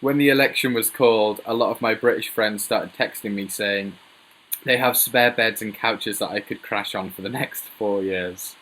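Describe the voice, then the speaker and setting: Husky-voiced man chatting on a livestream. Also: fairly low pitch, moderate pace, fairly bright tone, poor audio. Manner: jokey, rambling, laughs at his own jokes. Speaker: livestream host. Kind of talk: casual live Q&A chat.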